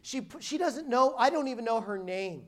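A woman's voice: a little high, expressive, normal speed. A woman preacher giving a sermon as a personal testimony, telling her story emphatically and often restarting her sentences.

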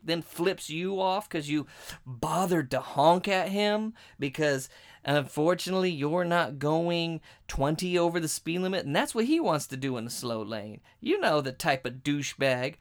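A man hosting a podcast, telling a story as a crude, animated rant. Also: a little high, normal speed. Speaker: podcast host.

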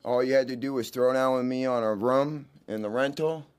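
A man's voice: medium pitch, a little fast, clear, resonant tone. Terse man from Maine answering briefly. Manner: terse, laid-back answers. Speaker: witness in a comedy bit.

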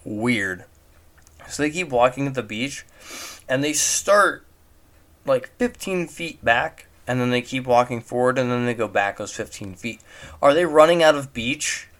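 A man's voice: mid-range voice, animated, a little slow, fairly bright tone. A man giving casual spoken commentary on a movie at home, mocking it with incredulous rhetorical questions. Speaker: movie reviewer. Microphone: home recording.

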